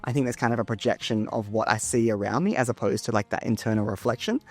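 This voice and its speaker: A young Australian man talking as a guest in a casual interview, relaxed, with many ums and easy laughter. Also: on the low side, quick pace, noisy background. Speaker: Paralympic swimmer, guest.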